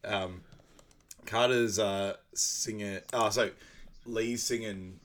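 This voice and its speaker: A young man with a fairly low voice chats through a film recap for a podcast. He laughs often and bursts into loud quoted lines. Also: steady tone, takes it slowly. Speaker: podcast co-host. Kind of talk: casual movie recap chat.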